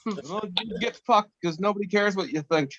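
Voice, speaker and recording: With a high-pitched voice at a moderate pace, this podcast co-host is blunt and combative, teasing and swearing a lot in casual banter over a call. There's noisy background, and the call audio is dull and lo-fi.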